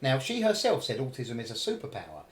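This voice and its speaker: A man's voice: mid-range voice, huge pitch swings, quick pace. A man hosting a political discussion podcast, leading topics and putting questions to his guests. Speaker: podcast host. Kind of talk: round-table political discussion.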